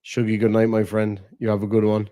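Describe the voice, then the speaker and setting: A man's voice: on the low side, completely flat delivery, brisk, dark tone, no room sound, studio quality. Profane, laughing man streamer. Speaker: streamer host. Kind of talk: casual late-night stream chat.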